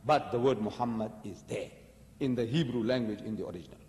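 A man's voice: lowish voice, fast, darkish tone, slight background noise. A man giving a public religious lecture, arguing emphatically and firing off rhetorical questions. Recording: long hall reverb.

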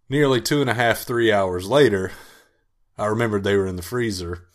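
A man's voice: on the low side, fast talker. A man co-hosting a podcast among friends, telling a rambling story and laughing at himself. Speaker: podcast co-host. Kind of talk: casual banter among friends.

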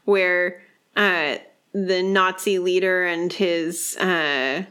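A woman's voice: fairly low pitch, steady tone, very slow, fairly bright tone, smooth. A woman co-hosting a podcast, chatting casually and critically about a movie, peppering her talk with "like". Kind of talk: casual movie discussion chat.

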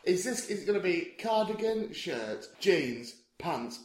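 A man's voice: high-pitched, big pitch swings, unhurried, reverberant, a loud crowd. A man co-hosting a comedy podcast, chatting casually in a giggly, teasing, playful way. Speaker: podcast co-host.

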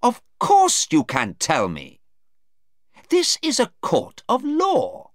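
A man's voice: medium pitch, huge pitch swings, drawn-out words, fairly bright tone, no room sound, studio quality, pitched above the performer's own voice, heavily acted. A man reading aloud voices a probing male defence lawyer, pressing his questions home. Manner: pointed, insistent questioning. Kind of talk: read-aloud storybook dialogue.

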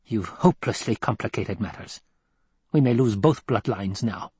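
Old lady done by a guy reading aloud, cold and sneering, snaps at people, kinda husky, dry sound. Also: fairly low pitch, lively intonation, normal speed, darkish tone, no echo. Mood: cold, scolding. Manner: snappish, sneering, demanding. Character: stern old woman, a scheming sisterhood leader. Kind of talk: audiobook character reading.

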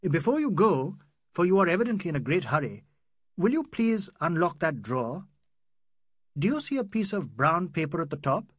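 A man puts on a young Indian doctor in an audiobook, speaking high and husky. His lines swing widely in pitch and carry both irony and earnest appeal. The recording is dry and close. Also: big pitch swings, normal speed, a bit bright, no room sound, exaggerated voice. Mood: sardonic. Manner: sardonic, then earnest and pleading. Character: young male Indian doctor, emotional and proud.

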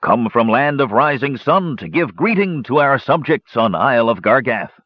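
A man voicing a blustering, gruff male dwarf warrior who talks pompously. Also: medium pitch, lively intonation, moderate pace, no room sound, pitched above the performer's own voice, natural voice. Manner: pompous, broken speech, then flustered. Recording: dull lo-fi recording.

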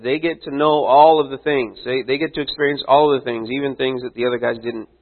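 A man preaching a sermon in a casual, conversational way, full of asides and rhetorical questions. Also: a little high. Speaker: pastor. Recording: tinny phone-like sound.

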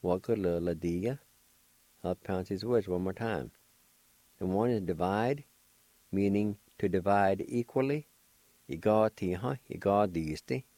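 An older man with a low, mellow voice leads a slow, careful language lesson. He spells each word letter by letter and repeats every syllable patiently. The sound is dry and close, like a small radio studio. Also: no echo. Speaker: language teacher and radio host.

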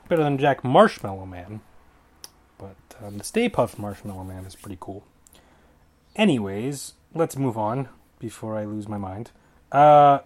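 Male host, casual and rambling, mid-range voice, quick self-corrections and offhand jokes. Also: mid-range voice, very animated, a little mellow. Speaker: podcast host. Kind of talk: casual solo fight predictions.

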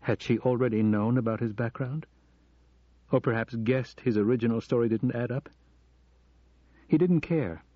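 A man narrating a novel in a measured, steady way, close to the mic, on a dull recording. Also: medium pitch, dry recording. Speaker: audiobook narrator. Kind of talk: scripted narration.

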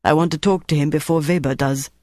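A reader voicing a brisk German officer. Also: medium pitch, steady tone, darkish tone, no echo, clean studio sound, close to an everyday voice. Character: tense wartime German officer, man. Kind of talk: audiobook character voice.

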